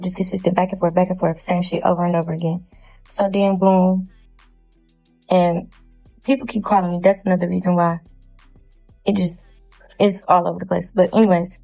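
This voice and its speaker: A young woman with a gravelly, fry-heavy voice tells her story in a plain, casual way. She is blunt and curses freely, and she acts out both sides of a heated argument as she goes. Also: lowish voice, dark tone, low-quality recording. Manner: blunt and profane, reenacting quoted arguments. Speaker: storyteller in a viral video. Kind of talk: casual first-person storytelling.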